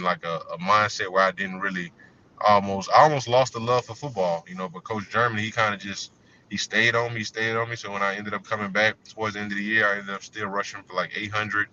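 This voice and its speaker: A man's voice: fairly low pitch, sharp tone. A man, a former college running back, tells his story in an interview in a conversational way, often saying "you know". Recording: dull lo-fi audio with faint noise.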